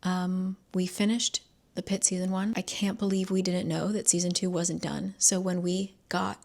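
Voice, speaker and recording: A woman's voice: fairly low pitch, level tone, normal speed, gravelly, a little mellow. A woman vlogger chatting casually, rambling with lots of fillers. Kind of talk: casual chat.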